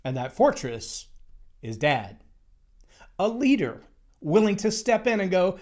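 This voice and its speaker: A man's voice: high voice, very animated, slow pace, long pauses. A man giving a motivational talk on leadership, emphatic and storytelling, acting out the quotes he tells. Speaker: speaker on leadership.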